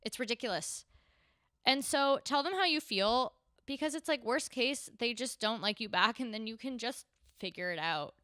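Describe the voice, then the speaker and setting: A woman's voice: fairly high pitch, expressive, normal speed, pushed and bright, no echo, studio quality. A young woman hosting a casual podcast, a stand-up comic who swears freely and acts out the people she quotes. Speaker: podcast host and stand-up comedian.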